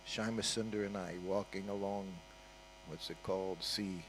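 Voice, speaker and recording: A man's voice: deep voice, fairly even intonation, normal speed, a little hiss or hum, low-quality recording. An older man giving an informal storytelling talk at a temple, conversational and full of asides. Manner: conversational, with frequent "you know" and "huh?" asides. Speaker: guest speaker at a temple.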